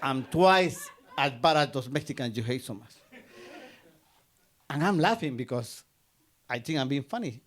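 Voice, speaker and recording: A man's voice: mid-range voice, animated, normal speed, pauses often, a faint crowd. A man from Guatemala, telling a personal story on stage and acting out both sides of a conversation.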